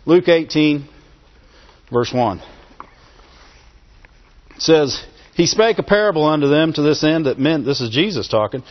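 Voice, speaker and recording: A man preaching a sermon in a fairly high voice. He calls out "Amen?" to the congregation and repeats phrases to drive his points home. The recording sounds dull and lo-fi. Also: lively intonation, a little slow, long pauses. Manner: asks the congregation for call-and-response "Amen?"; repeats phrases for emphasis and chuckles between points.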